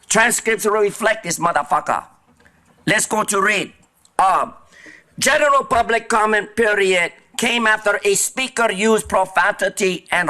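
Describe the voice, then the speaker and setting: A man's voice: high voice, sharp tone. A man giving an angry, profane, erratic public comment at a public meeting, speaking into a podium microphone. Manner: profane, ranting, erratic, combative.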